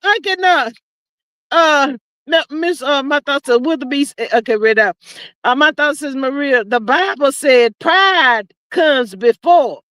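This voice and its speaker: High-voiced sassy woman livestreamer. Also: unhurried, fairly bright tone, no echo. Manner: drawling, sassy, preachy asides. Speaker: livestream host. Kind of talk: casual livestream commentary.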